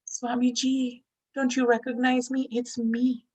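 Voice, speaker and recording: A woman voicing a weak, beaten-up male snake in a storybook tale, talking in a soft, whispery, plaintive way. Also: a little high, level tone, measured pace, voice pushed up, poor audio. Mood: pleading.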